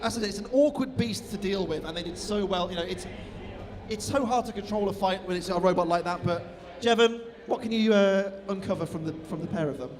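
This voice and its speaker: A man giving excitable live play-by-play commentary on robot fights, reacting quickly to the action. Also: high voice, crowd noise. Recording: noisy live venue.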